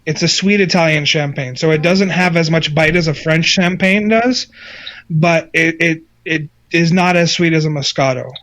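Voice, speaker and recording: A man chatting on a podcast, calmly explaining wine and reacting to stories with short exclamations. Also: fairly high pitch, normal speed, no room sound. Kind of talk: casual chat.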